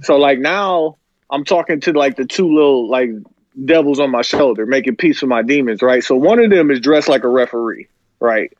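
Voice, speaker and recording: A man's voice: mid-range voice, moderate pace, highs cut off. A man co-hosting a podcast, telling a story in a loose, laid-back way full of slang. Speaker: podcast co-host. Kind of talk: casual podcast chat, storytelling.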